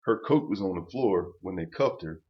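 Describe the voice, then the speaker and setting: A man's voice: low voice, expressive, normal speed. An older man telling a personal story to camera in a rambling, profane rant full of restarts. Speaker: channel host. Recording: dull lo-fi recording.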